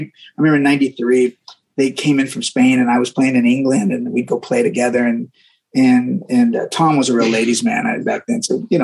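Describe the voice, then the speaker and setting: A man, a guest musician, telling stories in a casual interview, animated and often repeating words as he acts out what people said. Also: mid-range voice, vocal fry, slightly rough, low-quality recording.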